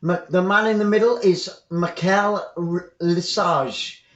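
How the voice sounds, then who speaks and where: A man's voice: high voice, steady tone, measured pace. Chatty English man commentating live football. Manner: chatty, repeats phrases, rambling asides. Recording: roomy, dull lo-fi sound.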